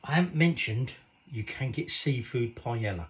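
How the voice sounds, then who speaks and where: A man's voice: medium pitch, expressive, normal speed, fairly bright tone, slight background noise, poor audio. A man chatting cheekily while cooking in his home kitchen, swearing casually as he goes. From Britain.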